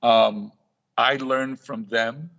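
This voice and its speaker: A man's voice: mid-range voice, fairly even intonation, very slow, creaky, a bit bright, dull audio. A middle-aged man, a guest author on a talk show, telling stories and acting out quoted dialogue, often restarting his sentences. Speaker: guest, reef aquarium author. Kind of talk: storytelling in a live talk show interview.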